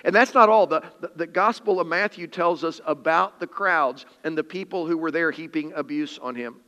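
Man, pastor, emphatic sermon delivery, slightly high voice, long hall reverb. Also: moderate pace, bright, forceful tone. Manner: earnest, emphatic preaching with dramatic scripture reading.

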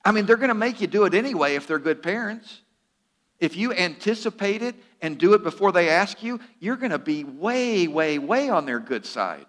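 A man's voice: high voice, animated, normal speed, fairly bright tone. A man preaching a sermon in an earnest, direct way, with a teasing humor and repeated words for emphasis. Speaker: pastor.

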